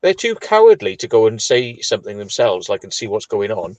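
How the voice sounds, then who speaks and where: A man's voice: fairly low pitch, big pitch swings, fairly quick, darkish tone, no room sound. A man from South Wales, chatting and telling indignant stories in a casual live chat. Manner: chatty, indignant storytelling, many fillers. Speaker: urban explorer, live chat co-host.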